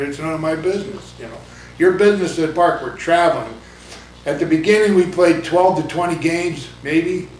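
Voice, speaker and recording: A man's voice: fairly high pitch, a little hiss or hum. Blunt older man, roomy distant sound. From California. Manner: blunt, no-nonsense, rambling with fillers. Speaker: interviewee, former baseball coach. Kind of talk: casual oral-history interview. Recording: roomy, distant mic, faint ambience.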